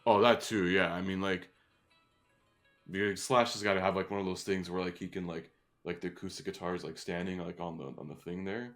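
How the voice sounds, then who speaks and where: A man's voice: low-pitched, fairly even intonation, quick pace. A man co-hosting a music podcast, chatting casually and rambling with many fillers. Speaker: podcast co-host. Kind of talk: casual chat.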